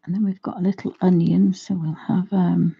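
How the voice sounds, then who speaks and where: A woman's voice: lowish voice, level tone, normal speed, gravelly, husky, dull audio. A woman teaching watercolour on a casual live stream, chatting and thinking aloud to her viewers as she paints. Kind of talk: casual live craft demonstration.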